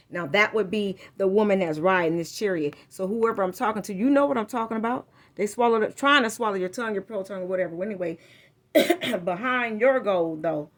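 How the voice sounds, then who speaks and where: A woman's voice: mid-range voice, a little hiss or hum. A woman giving a casual spiritual tarot reading, rambling and informal, often correcting herself mid-sentence. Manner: rambling, informal, frequent self-corrections and slang. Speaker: tarot reader.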